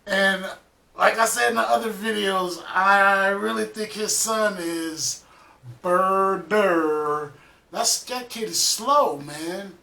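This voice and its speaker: A man's voice: sits high, slow pace, creaky, distant mic. A man hosting a reaction video, chatting casually about the clip he just watched. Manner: relaxed, chatty, repeats himself. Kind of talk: casual commentary. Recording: echoey room, off-mic.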